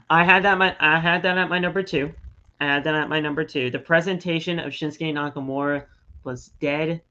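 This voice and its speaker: A man co-hosting a casual wrestling podcast, often stumbling and repeating words as he talks. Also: fairly high pitch. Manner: halting, repeats words, animated. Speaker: podcast co-host. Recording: slightly dull lo-fi audio.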